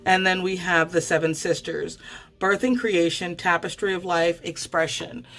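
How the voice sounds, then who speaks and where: A woman giving a casual tarot card reading, chatty and quick to swear, often stammering and restarting her sentences. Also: lowish voice, fairly even intonation, a bit bright. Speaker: tarot reader.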